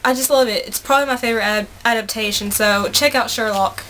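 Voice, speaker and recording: A woman's voice: a little high, pushed and bright, slight background noise. Chatty Southern young woman vlogger. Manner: gushing, chatty, quick self-corrections. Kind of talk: casual monthly favorites vlog.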